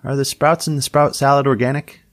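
A fussy young woman deputy, health-minded and full of prim, persistent questions, voiced by a man. She sits far higher than the deep storyteller's own voice, in a dry, close read. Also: fairly even intonation, fairly quick, dry recording, close to an everyday voice.

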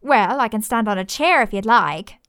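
A woman's voice: fairly high pitch, lively intonation, normal speed, a bit bright, clear, resonant tone, no room sound, clean studio sound. A woman voicing a cheeky young female monster hunter with a teasing, breezy manner.

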